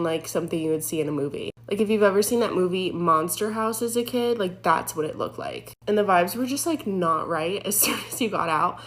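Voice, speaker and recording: Young woman, low-ish voice, telling a story super casually, lots of "like"s. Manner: rambling, many "like" fillers, swearing, nervous laughs. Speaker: former EMT telling a story.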